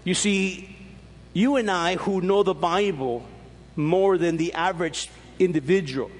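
Husky preacher man in an echoing hall. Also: high voice, unhurried. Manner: animated storytelling with emphatic rises and repeated restarts. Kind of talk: sermon. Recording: long reverb of a large hall.

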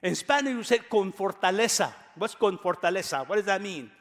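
High-voiced preaching man, reverberant hall. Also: lively intonation, brisk. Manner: emphatic, repeats key phrases, swings between loud and soft. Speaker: pastor. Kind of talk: sermon.

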